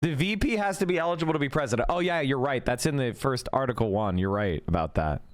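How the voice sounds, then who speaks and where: A man's voice: medium pitch, expressive. A man hosting a political livestream, talking casually and argumentatively while reacting to clips and chat. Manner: argumentative, fast-shifting, repeats points. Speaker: political streamer.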